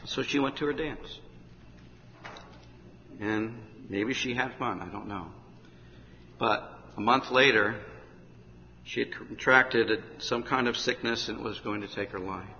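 A man preaching an urgent revival sermon in a large hall, rising to shouts at the climaxes. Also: medium pitch, a little slow, pauses often. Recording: dull, echoey hall with faint noise.

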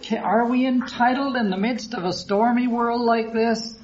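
A man preaching a sermon, reading scripture aloud and explaining it in an earnest, unhurried way. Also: extremely high pitch, fairly even intonation, a little mellow. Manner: slow, earnest, reads scripture in King James wording. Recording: dull lo-fi recording with faint background hiss.

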